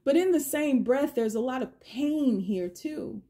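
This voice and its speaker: In a high, mellow, expressive voice that moves a little slowly, a middle-aged woman gives a collective tarot reading. She muses as she draws cards, returning again and again to the same questions for the universe.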